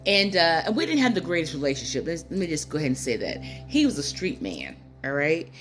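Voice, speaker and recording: A woman in her fifties who hosts a spiritual channel talks casually to viewers through her phone, rambling and personal, full of fillers and asides and near tears. Her low voice swings widely in pitch, fairly quick, over soft background music.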